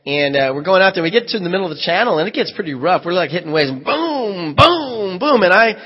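Male pastor, storyteller, lightly raised pitch, dull lo-fi church recording. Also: expressive, racing, breathy edge. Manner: vivid first-person storytelling with reenacted dialogue. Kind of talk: sermon storytelling. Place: church hall. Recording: echoey hall, dull lo-fi sound.

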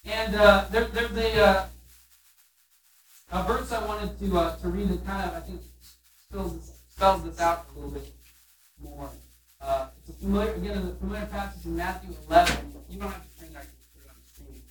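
A pastor preaching in a loose, conversational way, often restarting and saying "you know.". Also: medium pitch. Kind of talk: sermon. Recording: roomy room from a distant mic.

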